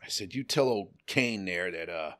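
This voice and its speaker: A middle-aged man telling a story in a casual chat, animated and profane, acting out the people he quotes. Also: deep voice, normal speed. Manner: animated, swearing, acts out quotes in other voices. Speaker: podcast guest.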